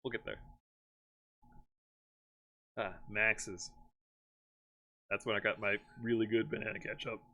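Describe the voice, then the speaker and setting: A man's voice: on the low side, measured pace, vocal fry, pauses often. A man hosting a live stream, chatting casually and rambling, laughing often. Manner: rambling, laughs often, animated when excited. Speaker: streamer host. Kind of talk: casual chat.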